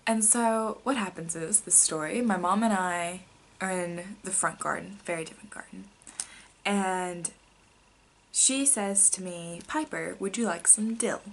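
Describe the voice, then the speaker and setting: A young woman vlogger casually telling childhood stories to camera, rambling with many fillers and sometimes dropping to a soft whisper. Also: on the low side, steady tone, measured pace, slight background noise.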